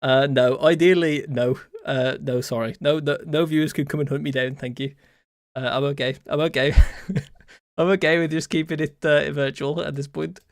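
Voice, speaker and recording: A man's voice: on the high side, fairly even intonation, normal speed, no echo, studio quality. A young man from the West Midlands of England, a game coach chatting casually on a live stream, rambling and repeating himself with many fillers.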